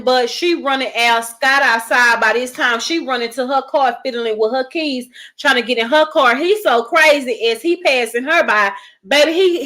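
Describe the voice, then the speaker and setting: A woman hosting a casual movie review, retelling the plot. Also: a little high. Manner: animated storyteller, acts out characters' lines. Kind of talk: casual spoiler recap of a movie.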